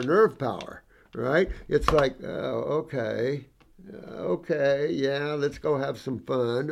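A man working as a natural health practitioner, talking casually and enthusiastically to his audience about client cases, rambling with asides and repetitions and calling viewers sweetie and honey. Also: a little high. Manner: acts out dialogue in anecdotes. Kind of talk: casual talk to an online audience.

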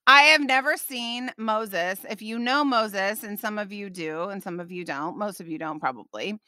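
Bright, animated woman storyteller. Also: medium pitch, moderate pace, no echo. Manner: animated, lively storyteller with frequent "okay?" asides. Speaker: ministry podcast host. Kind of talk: casual storytelling.

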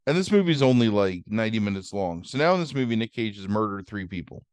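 Podcast guy rambling thru a movie plot, lots of um and like, cusses a bit, clean smooth voice. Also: lowish voice, very animated, fast talker, darkish tone, no echo, studio quality. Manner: rambling, fillers, swears freely. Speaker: podcast host recapping a movie. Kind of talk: casual chat.

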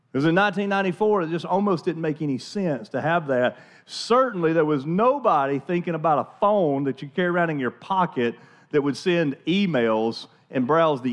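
A man preaching a sermon as pastor in a church, chatty and conversational, often restarting and repeating words. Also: a little high.

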